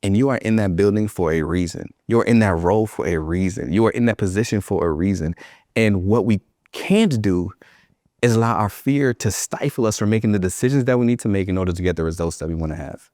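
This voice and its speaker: A man's fairly low, a little mellow voice comes across briskly in a clean studio sound with no echo. Giving a motivational keynote to educators, he's emphatic, repeats phrases for effect and tells personal stories with humor.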